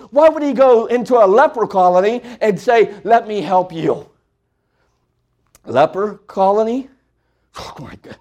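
Preacher, male, high-pitched, impassioned sermon that drops to near-whispers. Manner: impassioned preaching that swings from loud to hushed.

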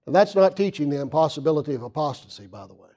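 A man preaching a sermon, reading scripture aloud and asking the congregation questions, swinging from loud emphasis to hushed asides. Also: fairly high pitch, lively intonation, very fast.

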